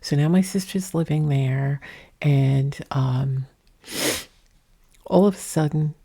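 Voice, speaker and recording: Woman talking low and rambly at home, husky dark voice, kinda gravelly. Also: slow. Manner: talks low and soft, rambling. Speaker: vlogger. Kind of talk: casual storytelling. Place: indoors at home, under a ring light. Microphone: mic set up in front of her.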